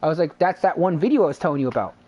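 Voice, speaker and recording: A man's voice: on the high side, animated, rapid-fire, a little mellow. A man streaming a game, chatting casually and rambling through a retold argument, quoting both sides and swearing freely. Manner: rambling, retells a dispute with lots of quoted back-and-forth. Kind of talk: casual live-stream chat.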